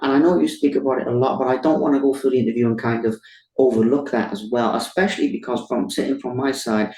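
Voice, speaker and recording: Guy hosting a chat show, rambly questions with lots of fillers, warm mellow tone, kinda far off and echoey. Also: medium pitch, fairly even intonation, quick pace. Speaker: podcast host. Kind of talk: casual interview chat.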